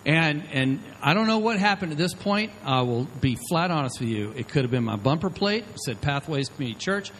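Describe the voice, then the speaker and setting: A man's voice: a little high, a bit bright, low-quality recording. A middle-aged man delivers a sermon as a pastor, talking in a loose, storytelling way. He keeps asking the listeners "okay?" as he goes. There is a faint hiss of noise behind him. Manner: conversational storytelling, frequent "okay?" check-ins.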